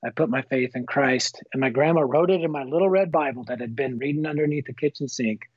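Husky-voiced man telling his story. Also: medium pitch, a little fast, no room sound. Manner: earnest, animated, folksy storytelling. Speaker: guest author. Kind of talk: personal testimony storytelling. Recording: slightly muffled, dull recording.

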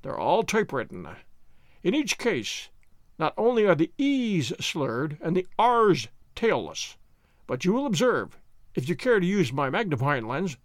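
A man reading an audiobook, voicing a calm, confident male detective who speaks in a measured, suave, lecturing way. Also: on the high side, no room sound, clean studio sound.

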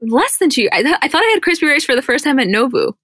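A woman's voice: high-pitched, sing-song, quick pace, a bit bright, no echo. A young woman co-hosting a podcast, chatting casually and rambling with lots of filler words. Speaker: podcast co-host. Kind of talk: casual chat recapping a reality show.

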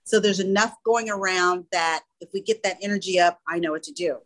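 A woman's voice: fairly low pitch, fairly quick, poor audio. A woman who runs a small school, speaking in a casual interview and telling earnest stories full of quoted dialogue. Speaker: small school or daycare founder.

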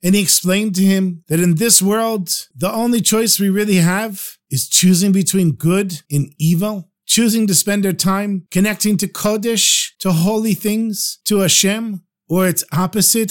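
A man tells a story for a podcast, his voice pitched fairly high for a man. His delivery is animated and engaged, and he carries the listener along through the tale. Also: a little slow, hardly any pauses.

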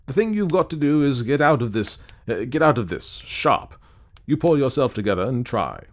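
A man voicing a brisk Edwardian gentleman in a storybook reading. He talks low and lively, stressing certain words hard, impatient with anyone wanting everything made clear. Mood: emphatic. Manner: emphatic, blustering. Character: brisk Edwardian gentleman telling ghost tale.

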